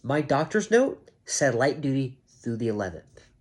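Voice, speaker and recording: Very animated yet unhurried, a half-awake security guard vents to his camera in a slightly mellow voice with a breathy edge. He curses deliberately, stays emphatic, and often mimics managers in a high, mocking tone.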